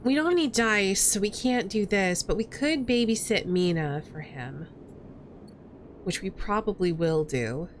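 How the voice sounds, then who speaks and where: A woman's voice: medium pitch, a little hiss or hum. A woman streaming a video game, chatting casually and thinking aloud as she plays.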